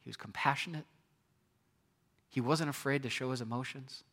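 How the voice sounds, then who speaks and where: A pastor with a mid-range, slightly bright voice speaks at normal speed as he preaches a sermon. His style is conversational, and he often puts rhetorical questions to his listeners.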